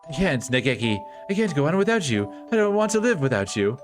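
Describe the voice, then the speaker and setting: A man voicing a caring, devoted young woman in a visual novel read-through, speaking softly and pleadingly. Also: on the high side, big pitch swings, a little fast, over music. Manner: soft, pleading and tender.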